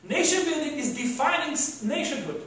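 High-voiced man lecturing in an echoey hall. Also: expressive, moderate pace, fairly bright tone, recorded from a distance. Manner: rambling, self-correcting, rhetorical questions. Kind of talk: university lecture.

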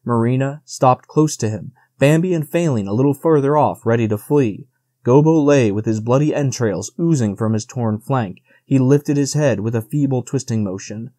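A man reads a classic story aloud at a measured, steady pace. His voice is dark and mellow, with a middle pitch. The recording is dry and close, with no room around it. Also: dry recording. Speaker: audiobook narrator. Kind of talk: audiobook reading.

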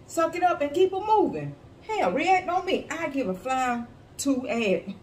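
A woman talks through a casual reaction video in a blunt, sassy, profane way. Her fairly high voice swings up and down a lot. The room is echoey, with a faint hiss underneath. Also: sing-song, unhurried, darkish tone, recorded from a distance. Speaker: YouTube reaction commentator.

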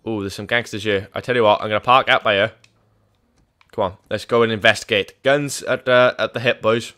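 A young man, joking through cop role-play as he plays a multiplayer game, jumping from loud yelps to muttered asides. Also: fairly low pitch, steady tone, a little fast. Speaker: gaming channel host.

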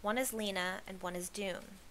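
A woman's voice: mid-range voice, fairly even intonation, normal speed, a bit bright, a little hiss or hum, close to an everyday voice. A woman voicing a practical young boy in a storybook reading, speaking in a level, sensible way.

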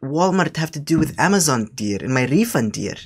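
A man's voice: on the high side, sing-song, fairly quick, slightly rough. A man voicing a fussy, scolding old grandmother on a prank phone call, who ends nearly every line with "dear" and rambles. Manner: says dear constantly, scolding, meandering. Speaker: scambaiter.

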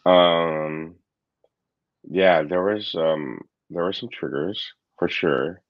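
Man, very deep voice, candid reflective chat, dry lo-fi remote-call sound. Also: slow, dry recording. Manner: candid, thoughtful, frequent fillers and restarts. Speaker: podcast host and coach. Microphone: remote call microphone.

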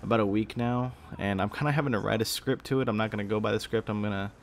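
Tired young man rambling, gravelly low voice. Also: fast talker. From Texas. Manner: rambling, many fillers and restarts, casual swearing. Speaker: gaming YouTuber. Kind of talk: rambling casual vlog talk. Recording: faint background noise.

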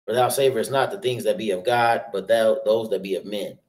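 A man reading scripture aloud in a steady, measured way. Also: lowish voice, distant mic. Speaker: scripture reader. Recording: roomy echoing sound.

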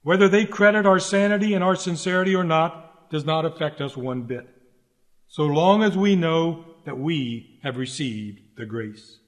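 A man with a high-pitched voice delivers a sermon in an earnest, emphatic manner, returning again and again to direct appeals to his listeners. His voice trails off into a long reverb, as if he were speaking in a large hall. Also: normal speed. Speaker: preacher. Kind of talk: sermon read aloud.

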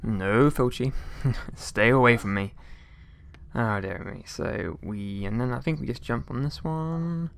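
A man's voice: medium pitch, unhurried, vocal fry, smooth. A man giving casual gameplay commentary, rambling along with jokey, mock-outraged asides and mild swearing. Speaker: let's play gamer.

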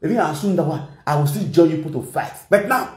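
A man's voice: a little high, animated, fast talker, reverberant. A man with a Nigerian accent giving casual, mocking commentary in a rant. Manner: mocking, mixes pidgin and local languages. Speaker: online commentator.

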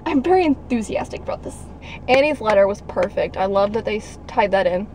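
A young woman chatting excitedly about a film in a parked car. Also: mid-range voice, brisk, a little hiss or hum, low-quality recording. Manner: gushing, bursts into loud acted quotes. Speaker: vlogger. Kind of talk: excited casual chat.

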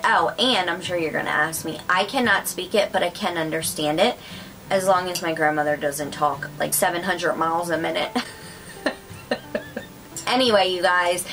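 A woman's voice: on the low side, fairly bright tone, slight background noise, low-quality recording. A woman chatting casually to her viewers about craft and decor finds, gushing with lots of fillers. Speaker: craft vlogger. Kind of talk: casual haul chat to camera.

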